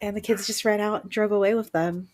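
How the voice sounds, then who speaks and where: A woman co-hosting a podcast, telling a spooky story in lively casual chat. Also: mid-range voice, fast. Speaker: podcast co-host.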